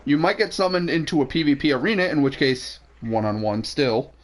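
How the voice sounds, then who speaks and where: A man's voice: on the high side, brisk. A young man streaming a game, chatting crudely and joking while he works out weapon damage aloud. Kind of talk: casual gaming chat.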